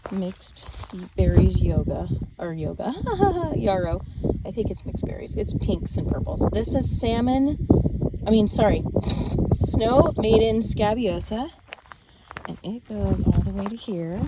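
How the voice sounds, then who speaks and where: A woman flower farmer walking her field with a handheld camera, thinking aloud and bursting into high excited exclamations. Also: slight background noise. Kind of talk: walk-through farm vlog. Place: outdoors on a flower farm field. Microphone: handheld camera carried while walking.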